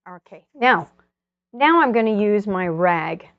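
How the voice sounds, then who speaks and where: A woman's voice: medium pitch, expressive, a little slow, no echo, lo-fi sound. A woman demonstrating an oil painting step by step, chatting and thinking aloud as she works. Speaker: painting instructor.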